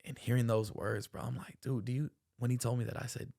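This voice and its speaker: A man's voice: mid-range voice, steady tone, fast talker, creaky, darkish tone. Earnest young man telling his story. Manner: earnest, slangy, says bro and man often. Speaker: podcast host. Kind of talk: emotional personal storytelling.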